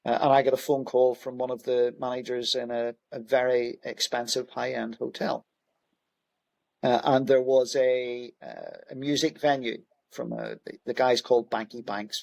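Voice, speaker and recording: A man's voice: medium pitch, vocal fry, darkish tone, no room sound. A middle-aged man, a police commissioner, telling stories in an interview in a conversational way, with frequent fillers and restarts. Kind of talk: anecdotal interview storytelling.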